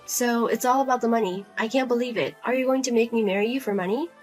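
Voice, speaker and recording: A woman's voice: a little high, fast talker, faint music behind, close to an everyday voice. A woman voicing Lizzie, a cold, blunt daughter. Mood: firm. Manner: flat, firm, cold and blunt. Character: Lizzie, grown daughter, cool, blunt, fed up. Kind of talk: narrated drama story.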